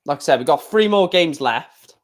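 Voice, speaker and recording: Young male streamer, casual darts caller, chatty and opinionated, grumbles about slow matches. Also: on the high side, lively intonation. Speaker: livestream watchalong host. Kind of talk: casual live darts commentary.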